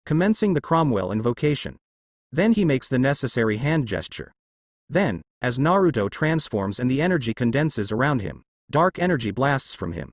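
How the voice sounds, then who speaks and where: A man's voice: medium pitch, big pitch swings, moderate pace, dry recording, studio quality. A man narrating a dramatic fan fiction story.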